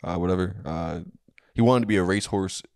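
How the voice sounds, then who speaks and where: A man's voice: low voice, a little fast, darkish tone, dry recording, studio quality. A man co-hosting a comedy history podcast, talking in a laid-back, crude way with many fillers and restarts. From family from a third world country. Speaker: podcast co-host. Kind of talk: casual comedy podcast chat.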